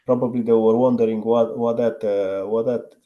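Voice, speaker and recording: A man's voice: medium pitch, fairly even intonation, normal speed, warm tone, dull audio. A man learning English, describing a picture with hesitation and searching for words over a video call. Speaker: student.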